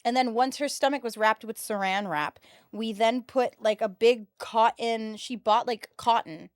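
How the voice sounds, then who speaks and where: A chatty, animated 22-year-old from the US tells stories in slangy, casual talk to the viewers of her stream. She speaks a little slowly at a fairly high pitch, on a dry, studio-quality recording.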